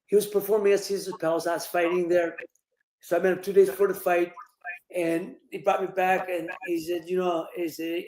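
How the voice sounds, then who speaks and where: A man's voice: high-pitched, little pitch movement, a little fast, warm tone, reverberant, rough recording. A man in his sixties from Ohio, telling stories as a guest in a live interview, rambling with many fillers and restarts. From Ohio, USA. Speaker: interview guest, former boxer.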